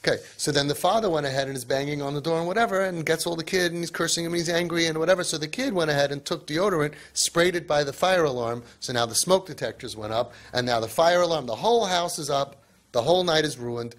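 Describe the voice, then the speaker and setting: A man lecturing parents, emphatic, tossing in asides and Yiddish and Hebrew words, his pitch and loudness swinging for emphasis. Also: fast talker. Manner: emphatic, with many asides of "right?" and "okay?". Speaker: parenting speaker.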